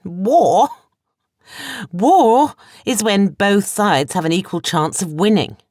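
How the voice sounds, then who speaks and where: A woman's voice: expressive, takes it slowly, a little mellow, no room sound, clean studio sound. A woman narrator voicing a furious, bitter woman who sneers and rants in a raised, mocking voice. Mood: scornful rant. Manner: shrill mocking rant.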